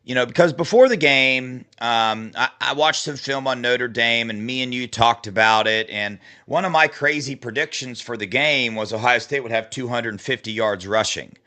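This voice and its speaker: A man co-hosting a sports podcast, talking casually and excitedly, with lots of restarts and rambling. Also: mid-range voice, moderate pace, hardly any pauses. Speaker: podcast co-host.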